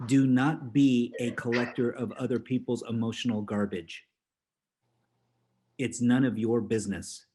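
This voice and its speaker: A man giving an upbeat motivational talk at an ordinary middle pitch. He laughs often and slips into little character voices as he tells his stories. His delivery swings between fast bursts and slow, stressed words. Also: fairly even intonation, warm tone, slightly rough. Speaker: motivational speaker.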